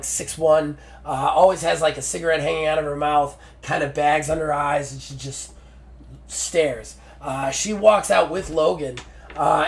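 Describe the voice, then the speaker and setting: A man narrating a solo wrestling tabletop game on stream with excited play-by-play and lots of fillers. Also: a little high, creaky.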